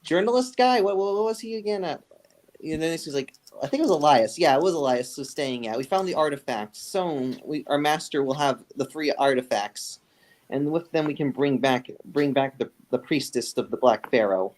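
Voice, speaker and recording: A scheming cultist plotting for a dark master, played by a man running the game. He speaks in a hurried, offhand way with a slightly high voice, with little menace put into it. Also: lively intonation, natural voice. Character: scheming cult member plotting for their master.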